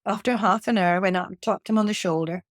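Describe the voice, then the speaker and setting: A woman, a leadership coach telling a lively workplace anecdote as a podcast guest. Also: mid-range voice, fast talker, no room sound, clean studio sound. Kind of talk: conversational storytelling.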